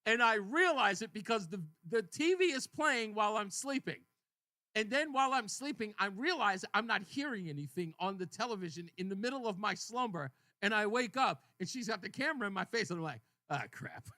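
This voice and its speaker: A man hosting a call-in radio talk show, telling a story with animated energy and acting out both sides of a conversation. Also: high-pitched, a little fast, no room sound. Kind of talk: casual call-in radio chat.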